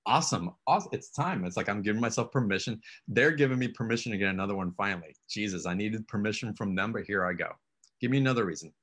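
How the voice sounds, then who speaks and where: A man's voice: fairly low pitch, animated, quick pace, fairly bright tone, slightly rough. A man hosting a casual conversation, encouraging his guest and coaxing her with questions. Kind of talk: casual spiritual coaching chat.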